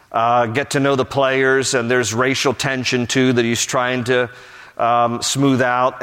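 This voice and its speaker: A man's voice: medium pitch, a bit bright. An older man preaching a sermon as pastor, telling stories animatedly and building to emphatic exhortations. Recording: long hall reverb.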